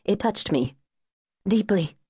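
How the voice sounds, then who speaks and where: Woman reading as a fragile grieving Southern lady, quavering tearful voice, raised higher than the narration, close dry audiobook sound. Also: lively intonation, takes it slowly, warm tone, slightly rough, no echo, exaggerated voice. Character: grieving young Southern society wife, fragile and agitated.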